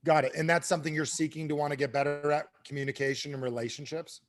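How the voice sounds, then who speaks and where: Guy doing a pumped-up motivational business talk, kinda high voice, keeps asking the crowd stuff. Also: quick pace. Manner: animated, asks the audience questions. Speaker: speaker at an online training call.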